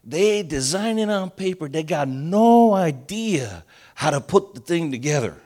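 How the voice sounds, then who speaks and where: A man doing a builder father, middle-aged, gruff, blunt, dismissive. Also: a little high, lively intonation, measured pace, dark tone, pitched above the performer's own voice.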